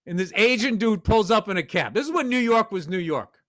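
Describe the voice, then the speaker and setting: A man from Massachusetts, co-hosting a podcast and telling a profane, animated story in casual chat. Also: high voice, a little fast. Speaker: podcast co-host.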